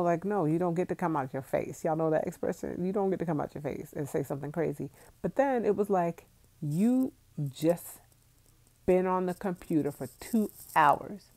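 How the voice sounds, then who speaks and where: A woman from the United States chats on a phone livestream with a low, mellow voice and a gravelly edge. She is casual and talkative, laughing often as she answers viewers' comments. She sounds like she's in her thirties. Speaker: vlogger reading live chat.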